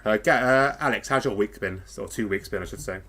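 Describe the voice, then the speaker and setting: A man's voice: on the low side, brisk, sharp tone. A man from the UK hosting a casual live podcast, chatty and rambling, with fillers and frequent laughs. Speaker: podcast host.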